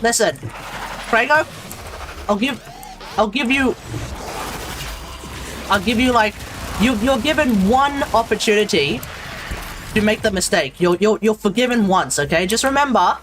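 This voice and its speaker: An Australian man chats his way through a game live stream, rambling and stumbling over his restarts. Gunfire from the game rattles loudly behind him. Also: high-pitched, expressive, unhurried, long pauses, noisy background. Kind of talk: casual live-stream chat.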